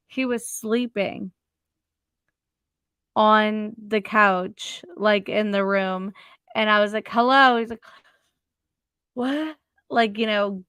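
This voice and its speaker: A woman's voice: mid-range voice, vocal fry, a bit bright, clean tone, dry recording. A young woman telling her own story in a casual interview, blunt and swearing freely as she acts out what people said.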